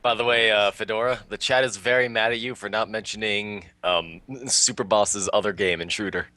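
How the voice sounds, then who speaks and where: A man co-hosting a podcast with a fairly low yet bright, sharp voice. He teases and heckles the host, recorded close and dry. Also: steady tone, normal speed, dry recording. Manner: teasing, heckling. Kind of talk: casual chat.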